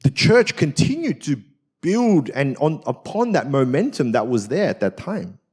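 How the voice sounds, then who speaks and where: Lively pastor telling a story. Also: male voice, fairly high pitch, unhurried, husky. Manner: conversational, frequent "right?" tag questions, self-mocking. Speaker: senior pastor. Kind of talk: personal sermon storytelling. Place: church service.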